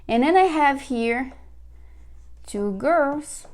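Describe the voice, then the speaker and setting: Brazilian woman teacher, young, slightly high voice, unhurried and patient with learners. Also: lively intonation, a little mellow. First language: Portuguese. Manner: repeats words slowly for learners, frequent "okay?" check-ins. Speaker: Portuguese teacher. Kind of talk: casual video lesson.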